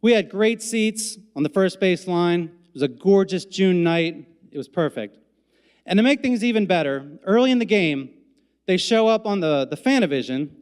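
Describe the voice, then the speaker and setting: High-voiced man telling a comic story on stage. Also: moderate pace, smooth. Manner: comic, deadpan asides, acts out quoted voices. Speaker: storytelling event MC. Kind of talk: personal story told on stage. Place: stage in a hall before a live audience. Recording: live hall with long reverb.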